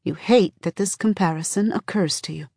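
A woman reading an audiobook in a measured, even second-person storytelling manner, close to the microphone. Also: medium pitch, breathy edge, dry recording. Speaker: audiobook narrator. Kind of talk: scripted narration.

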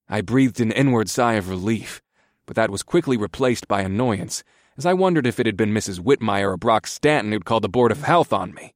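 A man's voice: fairly low pitch, expressive, fairly quick, no room sound, clean studio sound. A man narrating a first-person story in a wry, matter-of-fact way.

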